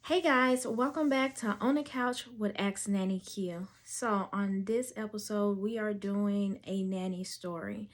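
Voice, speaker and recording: A woman podcast host in casual storytelling chat, talking emotionally about her life before telling a nanny story. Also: mid-range voice. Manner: emotional, slow and drawn out.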